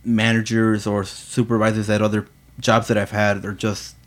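A man's voice: lowish voice, little pitch movement, moderate pace. A man talking casually about his workplace, rambling with lots of fillers. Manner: rambling, heavy on fillers and "you know". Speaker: employee. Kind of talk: casual chat.

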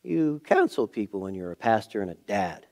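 During a church sermon, a middle-aged male pastor relates a personal story with great animation. His fairly low voice carries vocal fry at a moderate pace, alternating hushed passages with raised, emphatic ones.

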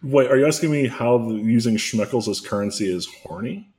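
A man's voice: medium pitch, fairly quick, a little mellow. A man hosting a comedy podcast, recapping a story in a rambling, self-correcting way with dry jokes. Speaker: podcast host.

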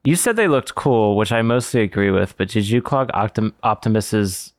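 A man's voice: lowish voice, expressive, moderate pace, no room sound, clean studio sound. A man hosting a podcast in casual chat, joking and laughing often. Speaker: podcast host. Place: room, recorded in person with co-hosts.

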